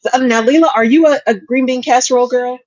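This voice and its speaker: A woman's voice: high-pitched, fast, a little mellow, no echo, highs cut off. A woman co-hosting a talk show, chatting casually and laughing often as she talks. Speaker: podcast co-host. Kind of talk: casual chat.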